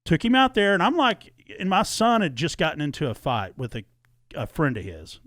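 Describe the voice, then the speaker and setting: A man's voice: on the high side, a little fast, no echo, clean studio sound. A middle-aged man telling a long personal story in casual podcast chat, acting out the dialogue and swearing freely. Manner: animated, acts out quoted dialogue, swears freely.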